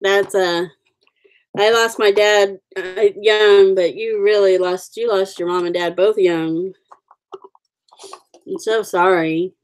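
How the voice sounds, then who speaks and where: A woman in her forties hosts a relaxed live stream and chats with the viewers at her own pace. Her talk wanders, full of ums and little asides, and her voice sits at an ordinary middle pitch. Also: measured pace, slight background noise. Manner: chatty, warm-hearted, rambling with fillers. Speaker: livestream host. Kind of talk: casual live chat with viewers.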